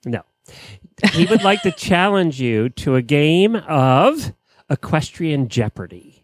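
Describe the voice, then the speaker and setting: A woman co-hosting a casual talk show, bantering and laughing with her co-hosts. Her pitch jumps around a lot as she talks. The sound is dry and close. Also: takes it slowly, dry recording. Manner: animated, laughs often. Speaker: co-host. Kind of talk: casual chat.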